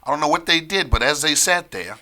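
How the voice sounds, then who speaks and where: A man telling a long story in casual chat on a live stream, animated, repeating phrases and laughing often. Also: on the high side, brisk.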